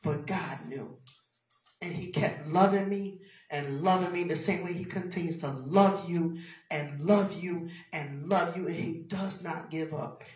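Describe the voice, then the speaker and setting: A woman preaching a sermon with an emphatic, repetitive cadence, swinging between loud exclamations and hushed whispers. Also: fairly low pitch, measured pace, soft background music. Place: church sanctuary. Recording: roomy church sound from a distance.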